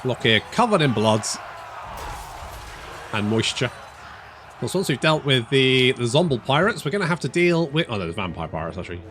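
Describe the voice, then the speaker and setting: Lively man commenting on a strategy game. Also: medium pitch, moderate pace, pauses often, soft background music. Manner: thinks aloud, restarts phrases, casual swearing. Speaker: strategy game let's player. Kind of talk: casual gameplay commentary.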